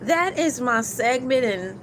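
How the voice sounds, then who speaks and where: A woman's voice: a little high, expressive, slow pace, fairly bright tone, slight background noise. A woman hosting a casual morning livestream, joking playfully and slipping into silly voices. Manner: playful, jokey, drops into silly put-on voices. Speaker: livestream host.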